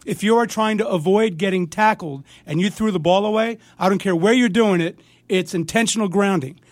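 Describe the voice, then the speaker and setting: A man's voice: sits high, a little fast, dry recording. An older man, a sports radio guest, ranting angrily about sports and stumbling over his words as he gets fired up. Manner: angry, fired-up ranting with stammered restarts. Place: radio studio. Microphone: studio mic with headphones.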